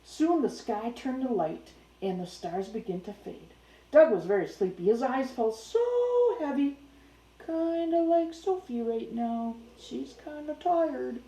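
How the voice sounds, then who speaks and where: A woman's voice: high-pitched, very animated, measured pace, warm tone, roomy sound, low-quality recording. A young woman reading a children's picture book aloud, who keeps breaking off to chat playfully with her dog.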